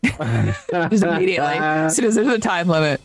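Lively, high-voiced woman player. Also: normal speed, soft background music. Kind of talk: casual chat.

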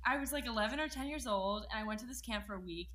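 A young woman from New York, a podcast guest, telling animated stories with lots of laughter and quick put-on voices. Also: a little high. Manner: animated storyteller, laughs often, acts out quoted voices. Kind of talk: casual podcast chat.

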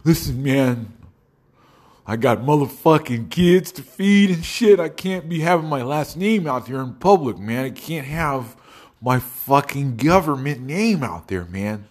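Man doing a jittery, scared grown-man voice, raised pitch, pleading and loud. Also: lively intonation, a little slow. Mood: anxious pleading. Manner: anxious, pleading. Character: nervous, scared grown man friend who is protective of his name.

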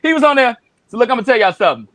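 A man co-hosting a casual talk show, animated and laughing often as he acts out quotes. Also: very high voice, racing. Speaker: podcast co-host. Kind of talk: casual chat.

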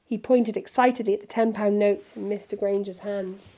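A woman reading a children's novel aloud in steady, clear narration. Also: mid-range voice, moderate pace. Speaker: storybook reader.

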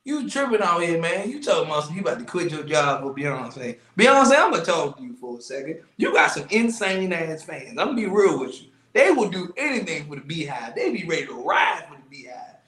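A man's voice: fairly high pitch, a little fast, few pauses. Slangy joking man in a roomy echo. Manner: animated, joking, heavy slang. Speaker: podcast co-host. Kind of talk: casual podcast banter.

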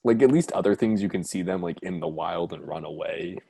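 A man co-hosting a podcast, chatting casually and telling animated stories. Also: low-pitched, a little fast, vocal fry, husky, dry recording, clean studio sound. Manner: animated storyteller, mimics voices for laughs. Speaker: podcast co-host. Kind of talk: casual chat.

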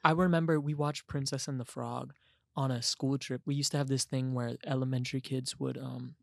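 A tired young man hosting a podcast, chatting casually with a deadpan, sarcastic sense of humor. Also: medium pitch, fairly quick, creaky, no echo, studio quality. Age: young adult. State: tired from lack of sleep. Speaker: podcast host. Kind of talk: casual chat.

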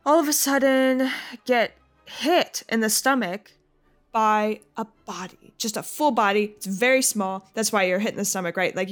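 Lively woman running a tabletop game. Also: fairly high pitch. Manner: lively, chatty, quick narration. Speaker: game master.

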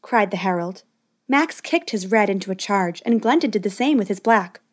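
A woman narrating a storybook adventure in a steady, expressive way. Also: medium pitch, moderate pace.

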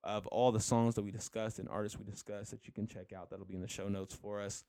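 A man's voice: fairly low pitch, flat delivery, fast, dark tone, no echo, studio quality. A young man co-hosting a podcast, chatting in a laid-back, rambling way and laughing easily. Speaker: podcast co-host. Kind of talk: casual chat.

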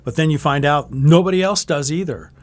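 A man's voice: on the high side, brisk. A middle-aged man, a TV meteorologist, chatting casually and telling stories, often restarting his sentences. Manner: rambling, self-correcting storyteller. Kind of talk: casual interview chat.

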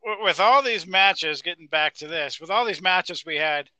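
A man with a high, sharply bright voice chats casually as a podcast co-host. He talks in an easy, conversational way. The recording is dry, with no room sound. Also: normal speed, no room sound. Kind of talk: casual chat.

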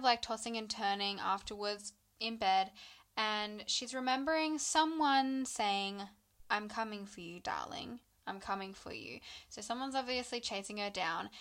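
A young woman casually retelling a novel's plot to a friend, playful and quick to laugh. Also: mid-range voice, a bit bright. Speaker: book podcast co-host. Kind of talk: casual chat recapping a novel.

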